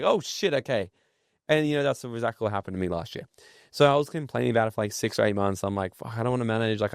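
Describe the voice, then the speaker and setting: Medium in pitch, this man is an entrepreneur appearing as a podcast guest in a casual interview. He speaks bluntly, swears without holding back, and makes his points through stories, in a studio-quality recording with no room sound.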